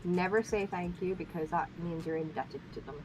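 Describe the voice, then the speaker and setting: A woman's voice: lowish voice, steady tone, a little fast, over loud music, low-quality recording. A woman from Ireland chatting on a stream, teasing in a dry, matter-of-fact way. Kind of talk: casual stream chat.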